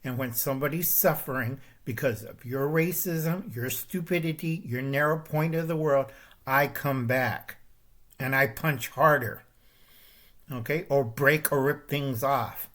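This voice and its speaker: A man's voice: medium pitch, measured pace, fairly bright tone. An older man hosting his own channel, delivering a confrontational monologue and pressing his points with repeated "okay?" and "all right?". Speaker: channel host. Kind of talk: ranting monologue to camera.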